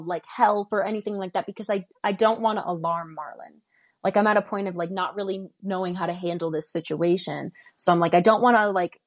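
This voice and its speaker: Guest: woman in her twenties from Denver, recounting events in present tense and voicing each line of dialogue. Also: on the low side. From Denver, Colorado. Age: 20s. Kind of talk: recounting a personal story.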